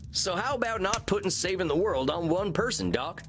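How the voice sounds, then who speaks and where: Game role: a homespun therapist, higher voice with bouncy swings. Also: male voice, animated, fairly quick, music in the background. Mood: folksy. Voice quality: folksy drawl. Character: folksy easygoing male cowboy therapist. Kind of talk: video game voice acting.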